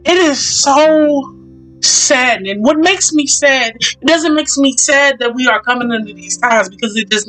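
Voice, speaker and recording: A woman's voice: high-pitched, normal speed, a bit bright, faint music behind, low-quality recording. A woman hosting a faith talk session, speaking fervently and emphatically in a preaching style, repeating her points.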